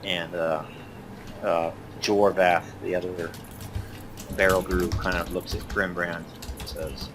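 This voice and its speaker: A man runs a tabletop game, narrating slowly with a lower voice. He hedges and circles back with lots of fillers as he describes scenes. A faint ambient hum sits behind him. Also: little pitch movement, fairly bright tone. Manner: hesitant, filler-heavy, lots of "kinda". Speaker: game master.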